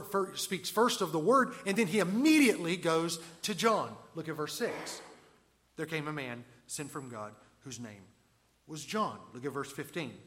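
A preacher with a high-pitched voice walks his listeners through a passage verse by verse. He talks conversationally, often asking them questions. He swings between loud emphasis and quiet asides. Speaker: pastor. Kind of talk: expository sermon.

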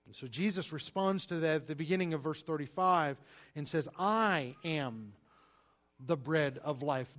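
Emphatic pastor with a higher voice. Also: male voice. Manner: emphatic, stresses single words, shifts between loud and quiet. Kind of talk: sermon.

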